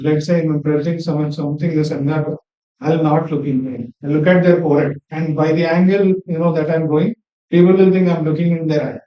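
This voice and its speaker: A young man joining a workshop to share public speaking tips, hesitant and full of fillers. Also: fairly high pitch. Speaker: workshop participant. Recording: dull, roomy sound from far off the mic.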